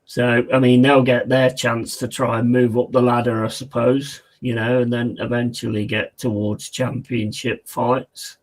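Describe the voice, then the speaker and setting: A mid-range male voice, a little slow with little pitch movement and few pauses, belongs to a football watch-along host. He talks casually with viewers in a laddish style, reading their chat out and responding as he calls the game.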